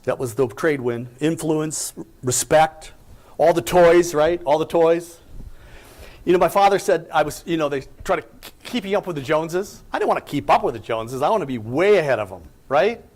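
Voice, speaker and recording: A man's voice: a little high, animated, brisk. A man giving an inspirational talk, telling his own story with emphatic rhetorical questions. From United States. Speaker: company president giving a talk. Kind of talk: inspirational speech.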